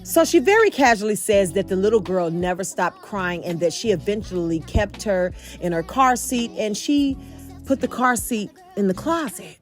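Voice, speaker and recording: A woman home vlogger telling a storytime tale, animated and addressing viewers directly. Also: medium pitch, moderate pace, faint music behind. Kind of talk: storytime vlog.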